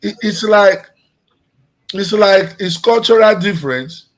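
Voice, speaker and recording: A man from Nigeria in casual chat, speaking in a relaxed, conversational way with some restarts. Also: sits high, slow, poor audio.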